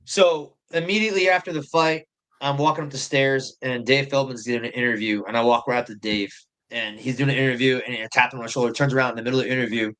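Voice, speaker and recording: In a fast, fairly even, slightly bright voice of medium pitch, this professional fighter spins a meandering tale on a podcast. The casual storytelling is loaded with profanity and the same points said over and over.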